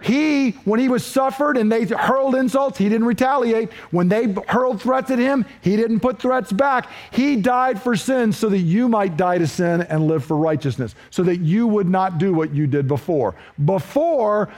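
A man preaching a sermon, earnest and questioning, moving between emphatic points and hushed, slowed lines. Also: sits high. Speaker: pastor.

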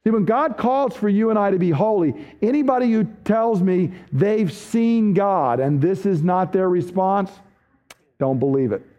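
A man preaching a sermon as a pastor, emphatic, dropping low and slow when he quotes scripture. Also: lively intonation, warm tone.

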